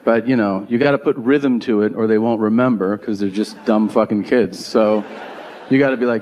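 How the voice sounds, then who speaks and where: A man's voice: on the low side, fairly even intonation, fairly quick, a little mellow, lo-fi sound, slight background noise. A man doing stand-up comedy with a crude delivery, chanting strings of curses in a sing-song rhythm. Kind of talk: stand-up storytelling.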